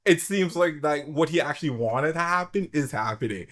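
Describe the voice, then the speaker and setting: A man's voice: fairly high pitch, animated, brisk, fairly bright tone. A man hosting a casual opinion chat, rambling with many fillers and restarts. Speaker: podcast host.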